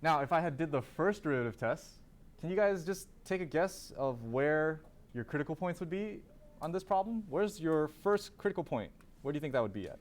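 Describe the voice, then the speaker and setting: A man's voice: fairly high pitch, expressive, fairly quick. A man teaching a calculus class, asking students questions, then answering them himself and repeating key terms. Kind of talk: classroom lecture.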